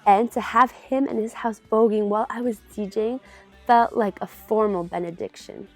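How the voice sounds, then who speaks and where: A young woman reading a memoir aloud in a steady narrating voice, now and then dropping in a casual aside. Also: mid-range voice, no room sound. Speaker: reader of a memoir.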